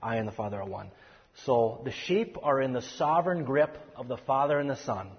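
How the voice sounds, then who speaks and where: A man leads a Bible study in an earnest teaching voice, restarting phrases and leaning hard on key words. His voice is slightly husky. The recording is dull and lo-fi, with long reverb from a hall. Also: mid-range voice, expressive, a little fast. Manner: earnest, with frequent restarts and emphatic stresses.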